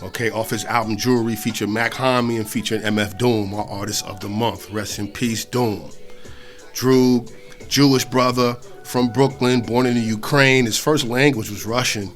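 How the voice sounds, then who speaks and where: A middle-aged man from New York State hosting a hip-hop radio show, talking loosely between songs with slang, swearing and shout-outs. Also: mid-range voice, fairly even intonation, moderate pace, faint music behind.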